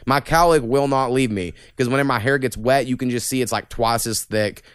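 A man's voice: medium pitch, brisk, clear, resonant tone, no room sound, studio quality. A young man hosting a podcast, rambling through stories with lots of swearing. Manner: profane, rambling storytelling. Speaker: podcast host. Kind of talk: casual podcast chat.

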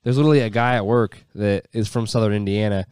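A man's voice: fairly low pitch, steady tone, a little mellow, clean tone, no room sound, studio quality. A young man co-hosting a podcast, chatty and eager in casual talk. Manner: chatty, eager, quick to agree. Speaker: podcast co-host. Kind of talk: casual chat.

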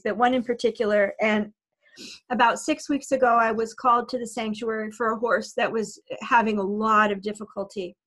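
High voiced lady, animal communicator, chatty storytelling, laughs a lot. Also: fairly bright tone. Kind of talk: storytelling in casual chat.

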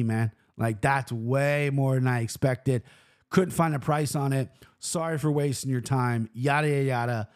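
A young adult man hosting a podcast, telling a story in a casual, profane monologue and acting out quotes with jumps in pitch. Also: darkish tone. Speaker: podcast host. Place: home room at a computer.

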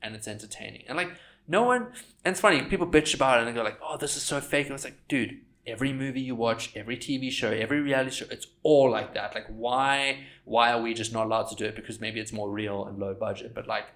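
A young man in casual podcast chat, a filmmaker and content creator who swears freely and acts out quotes in high, mocking voices. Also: fast talker, fairly bright tone.

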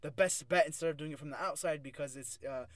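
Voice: mid-range voice, fast talker, fairly bright tone, dry recording. A speaker chatting casually about an anime episode, joking and using lots of fillers. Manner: chatty, filler-heavy, jokey. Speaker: anime fan discussing an episode. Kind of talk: casual chat.

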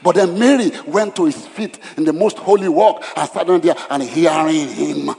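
At a church service, a male pastor with a slightly high, creaky, dark-toned voice preaches a dramatic sermon at normal speed, his words echoing with long hall reverb. He acts out Bible scenes in different voices and repeats lines emphatically.

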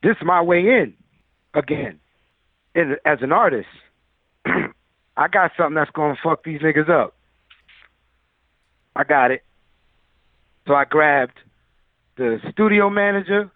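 A music producer tells stories loosely in a casual interview, his speech full of fillers. His voice is a little high, at a measured pace with frequent pauses and no echo, heard over a tinny, phone-like line.

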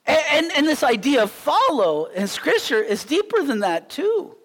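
A man preaching a sermon as a pastor, telling stories in an animated way and acting out the scenes. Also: extremely high pitch, moderate pace. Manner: animated storytelling, acts out scenes. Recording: long hall reverb.

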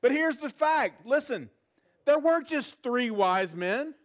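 Middle-aged guy preaching, kinda high-pitched, joking around, asks the crowd stuff. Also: a little slow. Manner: animated, humorous storytelling with audience questions. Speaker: pastor. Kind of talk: sermon. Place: church auditorium before a live audience.

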